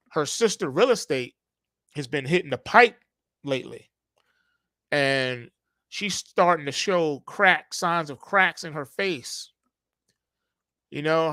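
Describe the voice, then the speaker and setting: A man's voice: fairly high pitch, a bit bright, no room sound, clean studio sound. A man hosting a trading channel, giving casual market commentary through slangy, playful storytelling.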